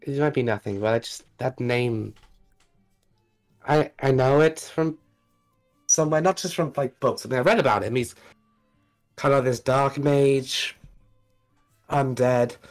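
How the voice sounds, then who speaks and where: An anxious young adventurer, played by a man, who stammers and keeps insisting she is fine in a tabletop role-play. The voice sits at a middling pitch. Faint music plays underneath. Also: a little slow, pauses often, close to an everyday voice. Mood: uneasy. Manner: hesitant, stammering, brushing off worry.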